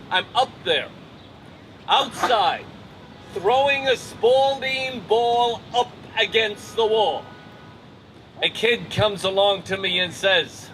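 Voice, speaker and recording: An older Irish man spins a personal tale in an unhurried, wry way, leaning on each phrase. His voice sits fairly high and sounds bright. Faint city street noise hums behind him. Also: low-quality recording. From Ireland. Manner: measured, wry, deliberate pacing. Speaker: storyteller. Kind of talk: live personal storytelling.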